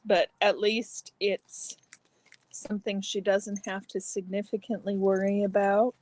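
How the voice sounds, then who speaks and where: A woman hosting a relaxed live stream, chatting casually with viewers and answering their comments while eating. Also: mid-range voice, a little slow, no room sound, rough recording. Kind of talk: casual chat reading comments.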